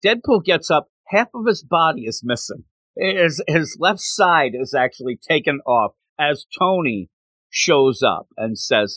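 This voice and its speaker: A man's voice: mid-range voice, measured pace, no echo. A man casually chatting on a podcast, recapping a comic book with lots of laughter and acted-out character lines. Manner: animated storytelling, acts out characters' lines, laughs often.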